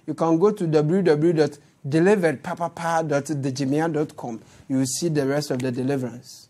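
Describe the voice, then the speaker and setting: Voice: mid-range voice, brisk, warm tone. A news show host with a Ghanaian accent, delivering satirical commentary in a sarcastic, mocking way. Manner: sarcastic, mocking, laughs at clips.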